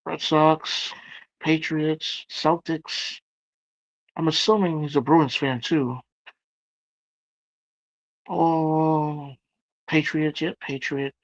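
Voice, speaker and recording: A man hosting a livestream, chatting casually as he reads out viewer comments and reacts to them with loud exclamations. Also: fairly high pitch, little pitch movement, extremely slow, long pauses, dry recording, lo-fi sound. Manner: exclamatory, reacting aloud to chat. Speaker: livestream host.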